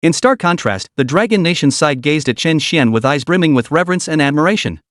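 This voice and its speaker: Guy narrating a comic story recap, dry close mic, bouncy pitch. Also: animated, fairly quick, dry recording.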